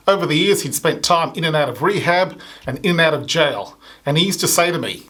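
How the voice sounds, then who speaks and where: A man's voice: on the high side, expressive, a little fast, fairly bright tone. A male comedian telling a long storytelling bit, slipping into raised voices to act out the people in it. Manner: acts out other people's lines with a raised voice. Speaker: stand-up comedian. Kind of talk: storytelling stand-up.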